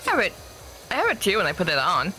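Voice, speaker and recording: Animated rambling woman, Upper Midwest American accent. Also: fairly low pitch, fast, noisy background. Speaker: stream guest. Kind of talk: casual chat.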